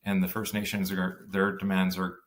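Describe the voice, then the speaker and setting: A male podcast guest makes his political points bluntly and directly. His voice sits low and deep. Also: completely flat delivery, normal speed. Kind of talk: casual political discussion.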